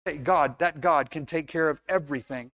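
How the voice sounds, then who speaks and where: A man's voice: a little high, normal speed, a bit bright. A man preaching a sermon in an earnest, conversational way, now and then acting out little scenes.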